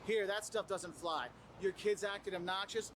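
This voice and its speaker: A man presenting travel tips in casual advice to the camera, animated and acting out what other people say. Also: high-pitched, normal speed, a little hiss or hum. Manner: animated, acts out quoted people.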